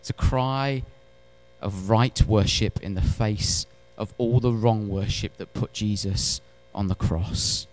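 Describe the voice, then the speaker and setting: A man preaching a sermon in church, animated, swinging between loud emphatic lines and hushed ones, with wry humorous asides. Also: on the low side, slow pace. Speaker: pastor.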